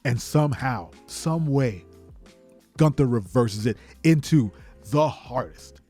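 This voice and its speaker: A man hosting a podcast, narrating an imagined match in excited play-by-play and shouting sound effects. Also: mid-range voice, slow pace, husky, soft background music. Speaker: podcast host.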